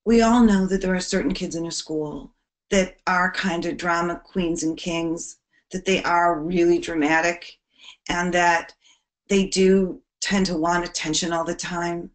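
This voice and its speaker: A woman giving an earnest educational presentation to teachers on bullying prevention, her voice dropping soft at serious points. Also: fairly low pitch, fairly even intonation, a little slow.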